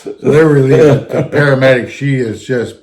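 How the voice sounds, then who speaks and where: A man's voice: medium pitch, normal speed, darkish tone. A man, a retired fire captain telling a rambling anecdote in casual chat. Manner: rambling, anecdotal, keeps circling back with "anyhow". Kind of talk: casual storytelling.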